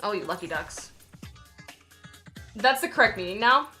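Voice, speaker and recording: A woman's voice: medium pitch, animated, moderate pace, pushed and bright, faint music behind. A young woman streamer chatting casually with her viewers, often laughing and apologizing as she reads chat.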